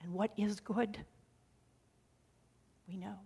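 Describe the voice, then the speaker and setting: A woman pastor preaching a sermon in a conversational storytelling way, dropping to a hush on key lines. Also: mid-range voice, fairly even intonation, takes it slowly, creaky, slightly rough.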